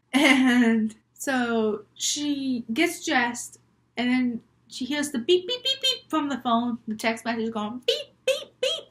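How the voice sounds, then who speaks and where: A young woman vlogger telling made-up scary stories in a chatty, rambling, giggly way. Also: fairly high pitch. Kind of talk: casual storytelling vlog.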